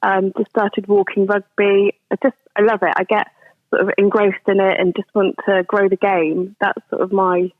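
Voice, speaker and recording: A woman's voice: medium pitch, level tone, moderate pace, no echo. Woman on a tinny phone line. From England. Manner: chatty, rambling, many ums and restarts. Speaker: guest, rugby coach. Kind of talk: podcast interview answers. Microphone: phone or video call.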